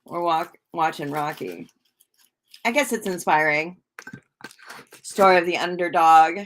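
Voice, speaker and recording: Slow, low-voiced woman chatting on a livestream. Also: a bit bright. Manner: rambling and chatty, full of fillers; talks to viewers in the chat. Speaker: livestream host and tarot reader. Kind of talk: casual live-stream chat.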